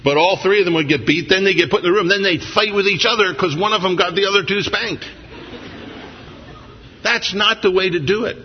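A man's voice: sits high, a little fast, a little hiss or hum. A man preaching a sermon as pastor, telling family stories with humor before turning earnest and reflective. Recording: dull lo-fi recording in a reverberant hall.

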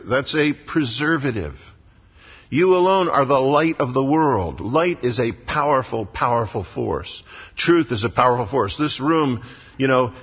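A man's voice: medium pitch, slightly rough. A man preaching a sermon as pastor in a church sanctuary, with emphatic repetition. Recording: lo-fi sound with long hall reverb.

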